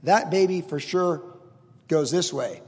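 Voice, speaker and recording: High-voiced older pastor in a reverberant hall. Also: male voice, a little slow, a little mellow. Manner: conversational, earnest teaching with asides. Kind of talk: sermon.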